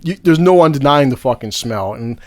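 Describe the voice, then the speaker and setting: A podcast co-host tells a crude story with heavy swearing, laughing mid-sentence and acting out the quotes. His medium-pitched voice is animated, fairly quick, and darkish, with no echo.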